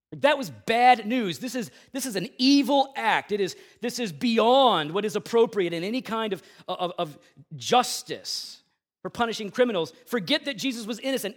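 Male pastor, high voice, preaching with intense swings from loud emphasis to hushed lows, slangy asides. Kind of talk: Good Friday sermon.

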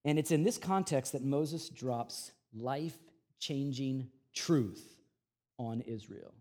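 A male pastor preaching a sermon in an animated, conversational way, with casual slang. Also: medium pitch, slow pace.

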